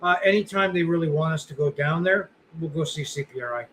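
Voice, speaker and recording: High-voiced man rambling bluntly. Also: fairly quick, a bit bright, a little hiss or hum, low-quality recording. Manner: rambling, filler-heavy, blunt and profane. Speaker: podcast co-host. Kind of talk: casual podcast chat.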